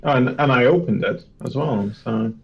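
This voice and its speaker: A man's voice: mid-range voice, normal speed, husky, dull audio. A man playing a tabletop game, hesitant and playful, with frequent restarts. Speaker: player.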